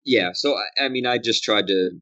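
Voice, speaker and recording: A man with a Boston accent speaks in a slightly low voice, candid and quick to laugh at himself as an interview guest. The sound is dull and lo-fi, as if coming through a remote call from a hotel room. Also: pushed and bright. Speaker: voice actor guest.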